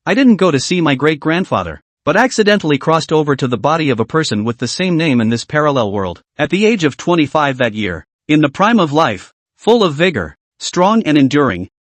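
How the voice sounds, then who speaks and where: A man reading a comic recap as a first-person story, in short steady phrases. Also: a little high, brisk, hardly any pauses, dry recording. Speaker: recap narrator.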